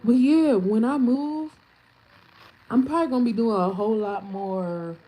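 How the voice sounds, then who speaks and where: A woman's voice: a little high, moderate pace, dark tone. A woman hosting a casual livestream, answering trolls in chat with brash, profane comebacks and frequent laughter. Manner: laughs often while talking. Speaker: livestream host.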